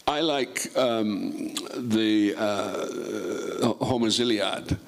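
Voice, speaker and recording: An older man at a festival talk tells long anecdotes about his acting career. His voice sits at a middling pitch, and his stories wander through many restarts and asides. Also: a bit bright. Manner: rambling, full of restarts and "you know", acting out quoted voices. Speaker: actor, guest of honor. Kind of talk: relaxed career storytelling on stage. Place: festival stage.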